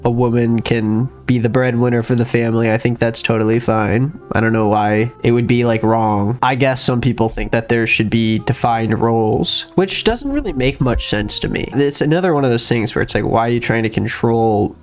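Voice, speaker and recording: A man's voice: medium pitch, normal speed, few pauses, faint music behind. A man giving sarcastic reaction commentary on a video, mocking what he hears. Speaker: commentary YouTuber.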